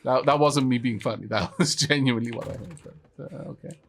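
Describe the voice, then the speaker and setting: A man's voice: mid-range voice, fast talker. A gamer talks his way through a co-op survival session, musing about building plans and trading easy banter with his partner. He giggles often and apologises readily, and a light background hiss sits under the voice. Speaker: gaming channel host. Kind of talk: co-op gameplay commentary.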